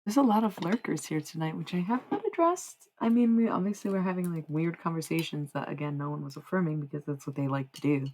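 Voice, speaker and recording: A woman's voice: deep voice, animated, fast talker, few pauses, darkish tone, slight background noise, rough recording. A young woman streaming live, chatting casually with her viewers, laughing often and swearing freely.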